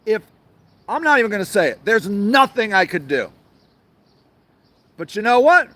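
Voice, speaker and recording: Profane ranting man, high voice. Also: big pitch swings, moderate pace, a bit bright, no echo. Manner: angry, profane, sarcastic, repetitive. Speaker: show host. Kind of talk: profane outdoor rant. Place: outdoor community garden.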